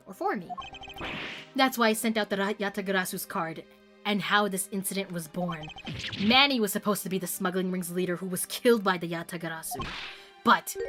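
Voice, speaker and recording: A woman's voice: medium pitch, close to an everyday voice. A woman reading the lines of a scheming, arrogant male ambassador villain from a game in her own voice, haughty and spiteful.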